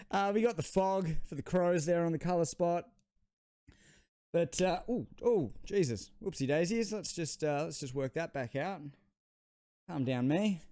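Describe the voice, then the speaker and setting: An Australian man chatting his way through a card unboxing, rambling and joking at his own expense. His voice sits a bit high and sounds smooth and resonant, and the recording is close and dry with no room echo. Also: moderate pace, warm tone. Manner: chatty, rambling, self-deprecating. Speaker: trading card channel host. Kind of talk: casual unboxing commentary.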